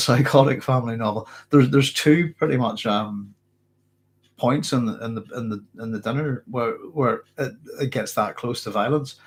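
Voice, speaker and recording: This casual livestream Q&A has a middle-aged Northern Irish man answering chat questions in a mid-range, slightly rough voice with a mixed Northern Irish accent. Nursing a cold and a hoarse throat, he rambles, keeps restarting sentences and chuckles frequently.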